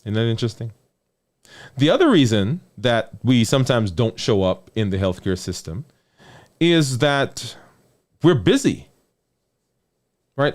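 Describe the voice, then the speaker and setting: A man, a physician giving a conversational health talk, who keeps asking "right?", repeats phrases for emphasis and drops low and soft on key words. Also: sing-song, measured pace, long pauses.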